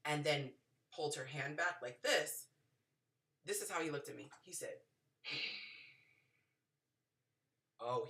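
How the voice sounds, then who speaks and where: Brief: low-voiced woman host, bright and lively delivery, a little off-mic. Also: far from the mic. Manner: animated, acts out the people in her stories. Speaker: podcast host giving dating advice. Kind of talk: casual storytelling advice.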